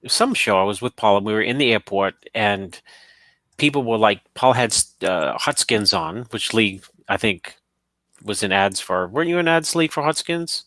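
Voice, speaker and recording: Dry, halting male storyteller. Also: on the low side, bright, forceful tone, no echo. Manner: halting, repeats words, eager storyteller. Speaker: show panelist. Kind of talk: casual storytelling chat.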